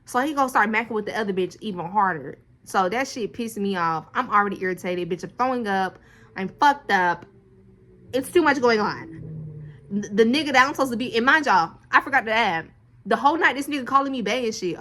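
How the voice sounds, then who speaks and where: Animated young woman telling a story. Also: a little high, fairly quick. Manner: animated, swears a lot, acts out quotes. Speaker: vlogger. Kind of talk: casual storytime.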